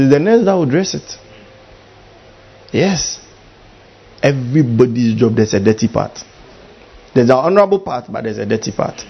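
A husky male pastor preaching with a lively, swooping delivery and a fairly high voice. He switches into comic voices to mimic people. The recording sounds dull and lo-fi. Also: moderate pace, long pauses. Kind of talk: sermon.

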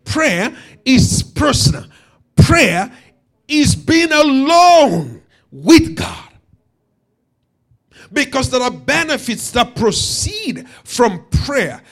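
A man preaching a sermon emphatically, repeating key phrases and rising to shouts. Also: very high voice.

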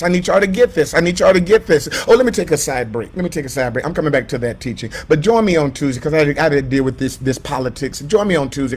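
A man preaching a sermon in a high, ringing voice. He hammers phrases over and over, drops to soft asides and then climbs to shouted peaks. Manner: swings between hushed asides and shouted, repeated preaching lines. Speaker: pastor.

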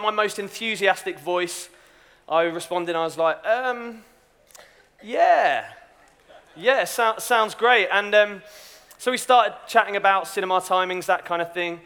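A man's voice: high-pitched, pushed and bright, clean tone. A young man giving a chatty, self-deprecating youth talk with a story. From Britain. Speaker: youth speaker.

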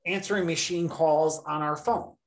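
A woman's voice: low voice, moderate pace. A woman hosting a podcast, telling a long story in casual chat and acting out the people she quotes. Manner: animated storyteller, acts out quotes. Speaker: podcast host.

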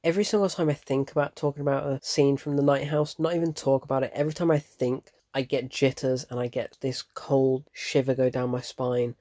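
Casual male film reviewer, animated and openly spooked, stops and restarts his thoughts, mid pitch. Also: brisk, hardly any pauses.

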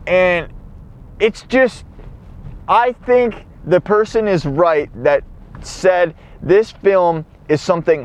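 A man hosting a podcast, recapping a film in a rambling, profane monologue while he drives. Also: high voice. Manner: rambling, profane, acts out lines. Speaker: podcast host. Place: car while driving.

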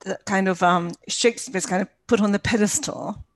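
A woman interviewer asking questions in a hesitant, inquisitive way, pausing on fillers. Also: mid-range voice, no room sound, poor audio. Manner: hesitant, inquisitive, laughs lightly.

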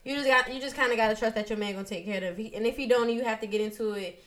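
A woman's voice: a little high, very fast. A woman co-hosting a podcast, chatting casually and frankly, reading listener questions and laughing often. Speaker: podcast co-host. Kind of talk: casual chat.

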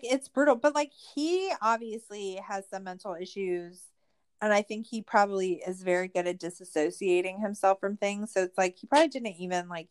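A woman recapping a true-crime documentary in casual chat, sarcastic and swearing, full of "like" fillers, her voice jumping high when she is exasperated. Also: clear, resonant tone. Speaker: podcast host.

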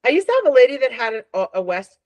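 Woman groomer hosting a podcast, cusses a lot, bit higher voice, dry sound. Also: fast talker, no echo. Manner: profane, animated storytelling. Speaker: podcast host and dog groomer. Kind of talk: casual chat.

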